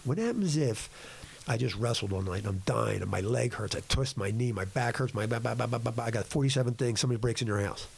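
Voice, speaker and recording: A middle-aged man as a podcast guest, telling stories in a rambling, gruff and blunt way. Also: medium pitch, fast, a little mellow. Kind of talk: casual chat.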